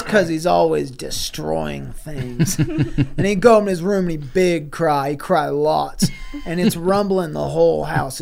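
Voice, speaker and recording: A man co-hosting a comedy podcast, spinning an improvised absurd tale with deliberately broken grammar. His voice is gravelly, with a faint hiss in the background. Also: on the high side. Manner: rambling, laughing, broken grammar for comic effect. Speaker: podcast co-host.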